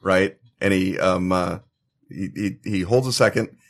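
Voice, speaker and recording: A man's voice: low-pitched, measured pace. A man narrating as game master for a tabletop game, with many fillers. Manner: hesitant, lots of fillers.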